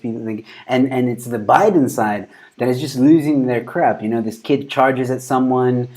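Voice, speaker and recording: A man hosts an informal news chat, talking into a close mic. He rambles, repeats himself and laughs freely at what he reacts to. His voice sits at an ordinary middle pitch for a man. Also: normal speed, few pauses, a little mellow. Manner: laughs often, loose and rambling. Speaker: show host. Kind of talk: casual news commentary.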